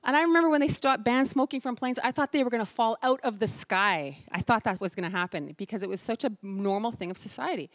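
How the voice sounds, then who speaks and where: A woman in her forties from Canada, giving a lively storytelling talk to a live audience and acting out the voices of the people in her stories. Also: a little high, fast talker, hardly any pauses, no room sound, studio quality. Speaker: keynote speaker. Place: large event hall before a live audience.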